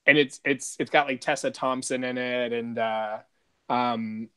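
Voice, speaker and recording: A man of middle pitch co-hosting a loose podcast conversation. He rambles and swears freely, tossing in "dude" and "like" as he goes. His delivery is relaxed and unpolished. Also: unhurried, clean tone. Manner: rambling, profane, peppered with "dude" and "like". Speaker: podcast co-host. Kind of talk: casual podcast chat.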